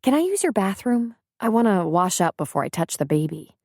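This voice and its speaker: A woman's voice: mid-range voice, big pitch swings, fairly quick, a little mellow, slightly rough, dry recording, studio quality. A woman voicing an earnest, candid young nurse from the city in an audiobook reading.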